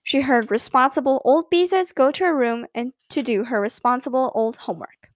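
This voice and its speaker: A woman reads a children's story aloud with an expressive, storytelling delivery. Her voice is high and light. The recording is close and dry. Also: moderate pace, no echo. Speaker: narrator. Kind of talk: scripted narration.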